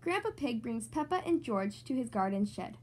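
A young woman with a fairly high, darkish voice reads a children's storybook aloud at a normal speed as the host of her channel. Her delivery is very animated, upbeat and sing-song, pitched to young listeners.

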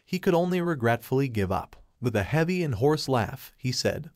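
A man reading a fantasy novel aloud as an audiobook narrator, in a steady, even delivery. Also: medium pitch, moderate pace, hardly any pauses, dry recording, clean studio sound. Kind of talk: scripted narration.

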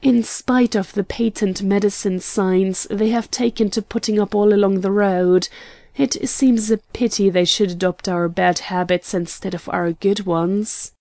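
A woman's voice: mid-range voice, fairly even intonation, a little slow, dark tone, no echo, natural voice. A woman reading the part of a proper middle-aged aunt who speaks tentatively and reprovingly, in a storybook. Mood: prim.

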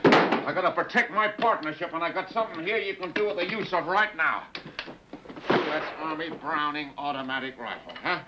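A man's voice: fairly high pitch, fairly quick, lo-fi sound, heavy background noise, lightly acted. An actor playing a sly, self-serving lawman with a drawl, folksy and persuasive in a film. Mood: scheming. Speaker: deputy sheriff type scheming for whiskey.

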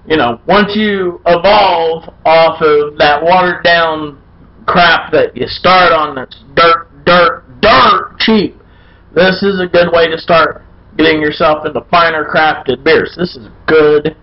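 Folksy man, high voice. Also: fairly even intonation, measured pace, dull audio. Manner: loud, folksy and irreverent, with playful chants. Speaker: beer review show host. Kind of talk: casual beer review vlog.

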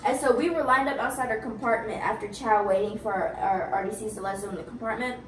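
A young woman telling animated, profane stories from boot camp in a casual chat with her roommates. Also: on the high side, fast talker, recorded from a distance. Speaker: Navy recruit telling stories. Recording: echoey room, camera from afar, faint hiss.

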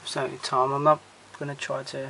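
A man with a gravelly, creaky edge to a mid-pitched voice gives a loose, unscripted walkthrough of his home film shelves. He is blunt and opinionated and swears without a second thought. He often stops and trails off between titles, with a faint hiss under the handheld camera's sound. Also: flat delivery, normal speed, pushed and bright. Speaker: collector showing his film collection. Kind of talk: casual rambling walkthrough.

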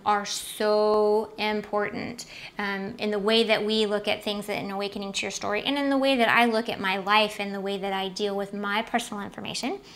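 A woman's voice: medium pitch, fairly bright tone. A woman hosting a self-help video series, giving an upbeat motivational talk to the camera and often checking in with "right?".

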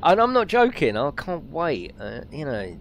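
A man streaming a driving game, chatting excitedly with viewers and reading out their comments. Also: normal speed, vocal fry, lo-fi sound, a little hiss or hum. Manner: chatty and excitable, reads out chat, lively pitch swings. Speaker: gaming streamer. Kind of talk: live let's-play commentary, chatting with viewers.

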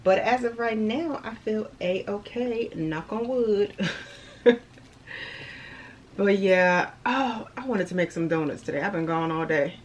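A woman's voice: medium pitch, slow pace, slight background noise. A young woman chatting casually to her viewers in a vlog, laughing often and talking to them as y'all; she is tired. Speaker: vlogger.

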